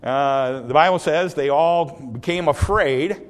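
Male pastor, mid-high voice, folksy sermon storyteller, plenty of fillers and restarts. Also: slow pace. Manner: bursts into loud dramatic quotes.

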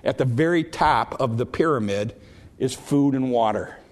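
A man preaching a sermon in a conversational way, with frequent restarts, slowing right down to stress the scripture lines. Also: medium pitch.

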